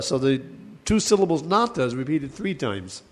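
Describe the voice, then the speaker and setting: A man teaching a class on verse, thinking aloud with many restarts and chanting lines slowly. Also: medium pitch, big pitch swings. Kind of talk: class lecture on Sanskrit poetics.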